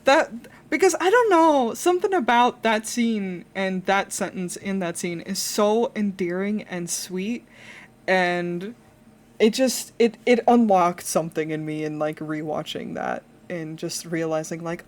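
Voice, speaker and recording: A young woman talks slowly and unhurriedly into a desk mic on a live art stream. She rambles along with many fillers and restarts, breaking into laughter often, at a middle pitch. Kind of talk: casual chat while drawing on a live stream.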